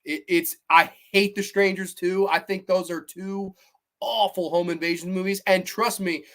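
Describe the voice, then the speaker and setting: A man's voice: sits high, fairly even intonation, moderate pace, a bit bright. A man hosting a live horror show, reading chat and ranting bluntly with profanity. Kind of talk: casual live-stream chat.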